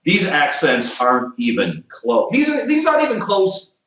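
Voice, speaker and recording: A man's voice: a little high, huge pitch swings, measured pace, fairly bright tone. A man from Texas, a podcast guest giving blunt, emphatic opinions in casual chat. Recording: echoey room, distant mic.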